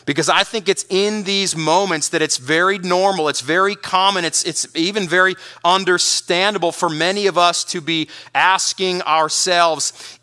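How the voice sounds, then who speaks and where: A man's voice: sits high, fairly even intonation, normal speed, sharp tone. A man preaching a sermon as pastor, earnest, often repeating words and restarting.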